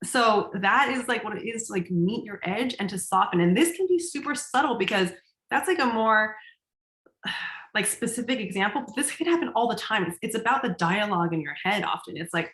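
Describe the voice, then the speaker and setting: A woman's voice: medium pitch, animated, moderate pace, long pauses, a bit bright. Woman, teaching in a chatty register, casual profanity, roomy echo. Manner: conversational, heavy use of "like", swears casually, laughs often. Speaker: coach.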